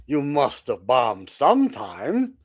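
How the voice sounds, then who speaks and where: A man's voice: medium pitch, huge pitch swings, slow pace, dry recording, exaggerated voice. A man voicing a pompous, condescending German ship captain with a German accent. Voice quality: pompous, probing.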